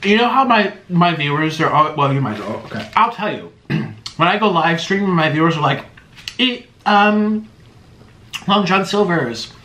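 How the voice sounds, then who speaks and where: Excitable man gushing over food. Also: a little high, a little fast. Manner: excitable, gushing, full of exclamations. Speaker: mukbang host. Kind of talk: casual eating vlog chat. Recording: roomy echo.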